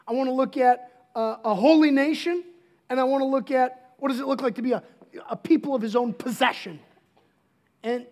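A man's voice: extremely high pitch, a little mellow. A middle-aged man preaching a sermon as pastor, casual and joking, often restarting his sentences.

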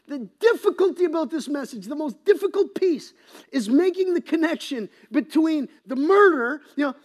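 Gravelly, impassioned pastor preaching. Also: high-pitched. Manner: impassioned, swings between loud emphasis and hushed whispering. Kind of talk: sermon.

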